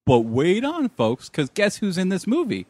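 A man's voice: sits high, wildly swooping pitch, moderate pace, darkish tone, no echo. A man co-hosting a podcast, throwing in wry, sarcastic quips about a movie. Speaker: podcast co-host. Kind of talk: casual movie recap chat.

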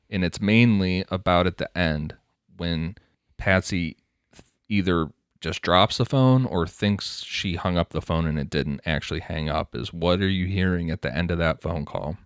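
A man co-hosting a casual true-crime podcast, reading quoted reports aloud in a measured, steady way. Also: sits low, smooth, no echo, studio quality. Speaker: podcast co-host.

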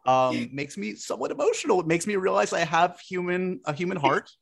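A man hosting his podcast in casual chat, animated and self-deprecating with quick asides. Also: sits high, creaky, breathy edge. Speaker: podcast host.

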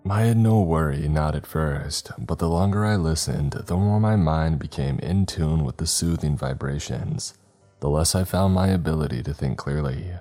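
Very deep-voiced man narrating horror. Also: soft background music. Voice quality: very deep, dark voice. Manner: slow, measured, grave delivery.

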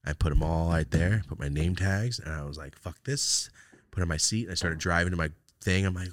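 A man hosting a podcast, telling a story in casual chat, animated and profane with loud outbursts. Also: deep voice, normal speed, dry recording, studio quality. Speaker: podcast host.

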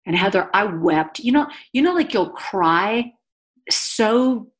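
A woman's voice: medium pitch, expressive, slow pace. A woman guest telling a personal story on a podcast in an earnest, confessional way. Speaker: guest author and speaker.

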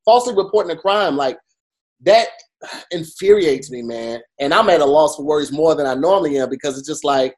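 A man co-hosting a podcast, talking in an animated, emphatic way full of fillers. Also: a little high, fairly quick. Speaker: podcast co-host. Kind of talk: casual chat.

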